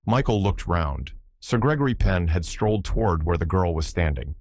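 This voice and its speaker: Deep-voiced male audiobook narrator. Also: animated, moderate pace, a little mellow.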